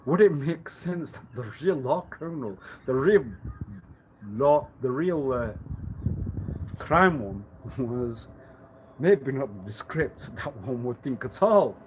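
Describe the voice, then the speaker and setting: A man's voice: mid-range voice, animated, takes it slowly, slight background noise, rough recording. A man in a rambling live-stream monologue, lecturing with repeated rhetorical questions, laughing often and repeating himself. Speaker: livestreamer.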